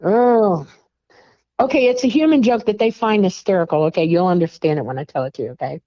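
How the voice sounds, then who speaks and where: A woman's voice: medium pitch, brisk, dark tone, dry recording, lo-fi sound. A woman guest on a talk show, chatting casually and emphatically about her experiences, laughing often. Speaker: guest contactee. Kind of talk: casual chat.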